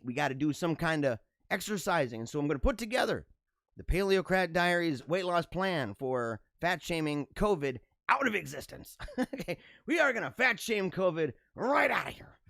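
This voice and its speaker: Reading jokes aloud on his talk show, a male podcast host laughs often and fires off sarcastic, joking commentary. His slightly high voice is very animated and fairly bright, moving at a moderate pace, captured in studio quality with no room sound.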